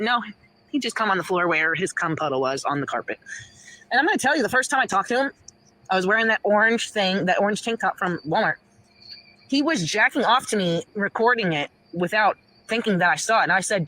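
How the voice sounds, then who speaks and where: A woman's voice: on the low side, expressive, quick pace. A woman ranting and rambling profanely in casual livestream talk. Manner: profane, rambling, swings between muttering and shouting.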